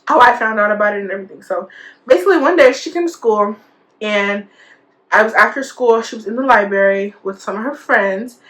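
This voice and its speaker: A woman's voice: medium pitch, a little fast, fairly bright tone. A young woman vlogger telling a school story in a casual, chatty way, full of fillers and quoted dialogue. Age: young adult.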